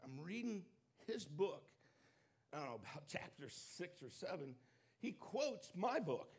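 A man delivers a sermon with a slightly raised pitch and a husky, breathy edge. He preaches emphatically and confessionally, pushing some lines out loud and dropping others to a hush. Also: very animated, a little slow.

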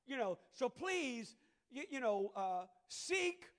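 A middle-aged man with a Cajun Louisiana accent preaching a sermon, moving between soft conversational asides and loud, drawn-out preaching. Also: extremely high pitch, sing-song. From southern Louisiana. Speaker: pastor.

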